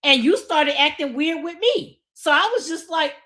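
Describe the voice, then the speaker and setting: A woman podcast host, talking bluntly and laughing through her rants. Her voice sits a touch high for a woman. The chat is loose and profane. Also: normal speed. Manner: animated venting. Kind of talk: casual chat.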